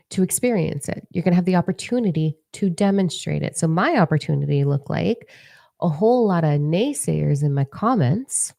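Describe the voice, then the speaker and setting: Low gravelly-voiced woman in her forties. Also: no echo, studio quality. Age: 40s. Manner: candid, swears freely, animated asides. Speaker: spiritual teacher. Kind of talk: casual talk to followers.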